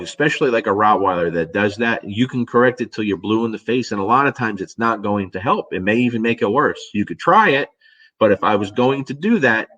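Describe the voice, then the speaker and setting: A middle-aged man, a dog trainer, casually telling a story and answering viewer questions, animated and swearing now and then. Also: fairly low pitch, dull audio. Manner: animated storyteller, swears casually, acts out his own reactions.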